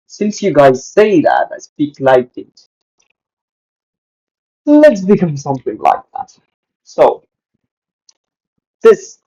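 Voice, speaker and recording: A man's voice: medium pitch, mellow, husky, poor audio. A man hosting his own channel, delivering an emphatic, repetitive opinion monologue. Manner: repetitive, emphatic, says "literally" often. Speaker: channel host.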